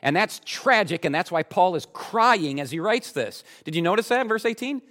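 A man's voice: high voice, big pitch swings, normal speed, a bit bright. Emphatic man preaching a sermon. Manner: emphatic, rhetorical questions to the congregation. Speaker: pastor.

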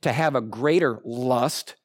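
A man preaching a sermon in a conversational, animated way, swinging from excited highs to quiet low asides. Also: measured pace. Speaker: pastor.

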